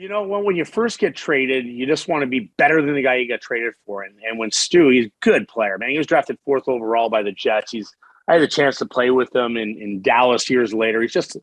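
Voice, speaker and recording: A middle-aged man talking on a podcast, as candid and salty as a locker room. He tells stories with lots of energy and often restarts his sentences. His pitch sits in the middle, and the sound is dry and close. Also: dry recording, low-quality recording. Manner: candid, profane, animated storyteller with frequent restarts. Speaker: podcast guest, former hockey player. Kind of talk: casual storytelling interview.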